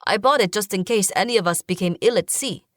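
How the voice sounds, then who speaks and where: A woman voicing a calm, helpful young man who speaks politely and gently. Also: medium pitch, fast talker, dry recording, clean studio sound, lightly acted.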